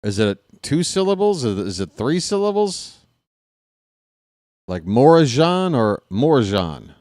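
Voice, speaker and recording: A man calling a baseball game on his own stream, chatting casually between pitches and cracking small jokes. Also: very animated, measured pace, darkish tone, no echo. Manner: casual, self-deprecating, jokey between pitches. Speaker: fan play-by-play broadcaster. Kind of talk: solo baseball play-by-play with chatty asides.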